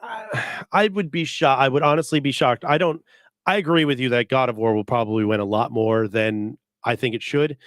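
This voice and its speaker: A man's voice: mid-range voice, normal speed, a bit bright, dry recording, studio quality. A man co-hosting a podcast, talking in an opinionated, emphatic way and swearing freely in casual chat. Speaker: podcast co-host.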